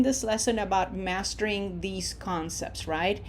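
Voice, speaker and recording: A Spanish teacher delivers a recorded grammar lesson, explaining step by step and carefully drawing out the model words. Her medium-pitched voice is slow, a little mellow, with few pauses.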